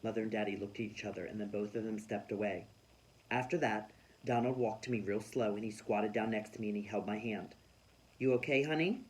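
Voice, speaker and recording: A man reading a children's storybook aloud in a lively, expressive way. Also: on the low side, brisk, low-quality recording. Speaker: children's book reader.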